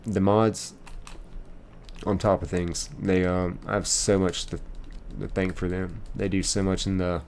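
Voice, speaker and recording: Man, live streamer, low voice, loose rambling chat, faint background noise. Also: little pitch movement, measured pace, gravelly, a little mellow. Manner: rambling, reads and answers chat. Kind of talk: casual chat while gaming.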